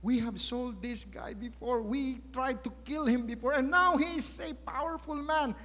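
A man's voice: extremely high pitch, moderate pace, fairly bright tone. A man with a Filipino accent preaching a sermon, retelling a story with emphasis and rhetorical questions. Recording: echoey church hall.

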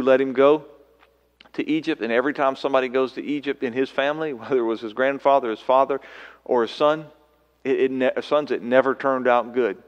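A man preaching a sermon as pastor, animated, voicing scripture quotes with sudden loud calls. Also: mid-range voice, creaky. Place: church sanctuary. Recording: long church hall reverb.

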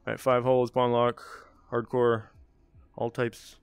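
A man's voice: mid-range voice, monotone, unhurried, clean tone, no echo. A man casually commentating his own gameplay on a stream, chatty and self-mocking, swearing when things go wrong. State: has the hiccups.

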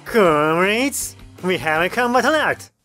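A bossy, cheeky middle-aged woman official with a slightly raised voice, played by a male narrator. She talks with lively ups and downs over faint music. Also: high voice, unhurried, heavily acted.

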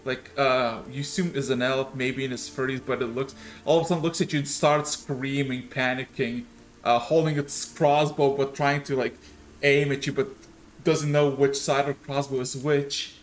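A man's voice: medium pitch, steady tone, normal speed. A man running a tabletop game as game master, narrating scenes in a rambling, hesitant way with many fillers.

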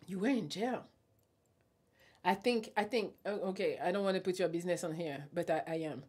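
On her casual live stream, a young adult woman with a lowish, slightly rough, a little mellow voice reads viewer comments fairly quickly. Her answers are blunt and teasing, and laughter comes often.

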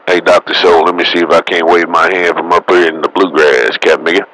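A man's voice: low voice, fairly even intonation, brisk, sharp tone, a little hiss or hum, poor audio. A man talking casually over CB radio, laid-back and full of radio slang and cussing. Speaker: CB radio operator. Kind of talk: CB radio chatter.

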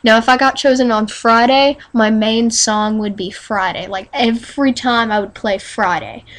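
A young woman on a quiet webcam mic, chatting in a bubbly, goofy, apologetic way, a bit stuffy from allergies. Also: on the high side, steady tone, normal speed, rough recording. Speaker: YouTuber auditioning for a collab channel. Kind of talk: casual webcam vlog.

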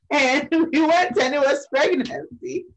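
A woman's voice: high voice, rough recording. A woman co-hosting a church talk show, backing the speaker with murmurs and telling stories through giggles.

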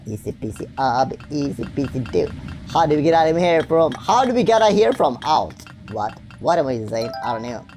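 A woman's voice: deep voice, very animated, moderate pace, darkish tone, soft background music. A woman giving playful game commentary, goofy and rambling, making up silly words and breaking into sing-song wordplay. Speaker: gaming video creator.

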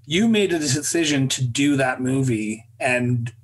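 Male interview host, mid-pitched, halting, sets up questions with dates and facts. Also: lively intonation. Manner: halting, stacks up "uh" and restarts before reading out facts.

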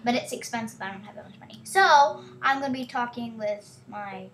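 A woman's voice: on the high side, a little fast, fairly bright tone. A woman joining her sister's casual gameplay video, dry and teasing. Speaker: co-host sister. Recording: music under the voice.

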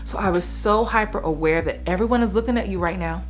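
A woman's voice: mid-range voice, slight background noise. Candid woman retelling an on-set story. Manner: candid, emotional, quick asides and restarts. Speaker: actor and acting coach. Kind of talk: personal storytelling vlog.

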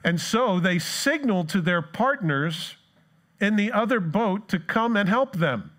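Man, pastor, sermon in church, fairly high voice, animated storyteller. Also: measured pace.

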